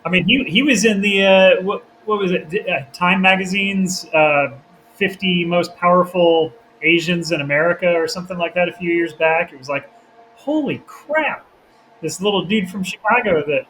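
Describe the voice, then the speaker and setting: A man's voice: high-pitched, normal speed, bright, forceful tone, a little hiss or hum, rough recording. A man hosting a podcast, a filmmaker chatting casually who acts out quotes and laughs often.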